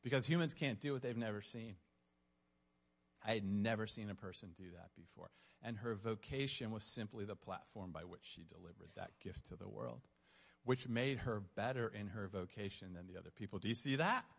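A man's voice: lowish voice, moderate pace, creaky. A man giving an earnest, self-mocking testimony in a storytelling sermon style. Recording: long reverb of a large hall.

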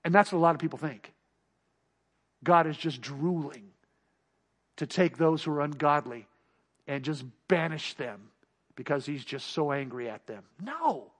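High-voiced preacher swinging loud to hushed. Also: male voice, a little slow, long pauses. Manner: swings from loud emphatic cries to hushed, near-whispered passages; acts out God's voice and the listener's inner doubts. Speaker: pastor. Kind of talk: sermon.

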